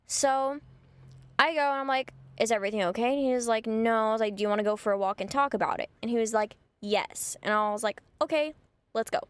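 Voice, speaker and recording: Young woman vlogger, casual storytime, slightly high voice, chatty delivery, dry close sound. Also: fairly quick, fairly bright tone, smooth, no room sound. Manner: chatty, gossipy, full of "like".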